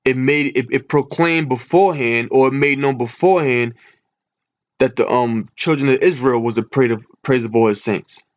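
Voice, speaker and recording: With a lo-fi sound, the clip captures a Bible teacher giving a screen-share scripture lesson. Reading from his computer, he asks questions and answers them himself, speaking at normal speed in a medium pitch.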